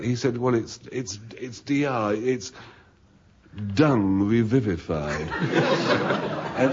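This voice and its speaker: Older man, husky voice, rambling comic story, lively pitch, dull lo-fi radio sound. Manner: rambling, self-amused, stumbling restarts. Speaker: panel show contestant. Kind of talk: comic anecdote.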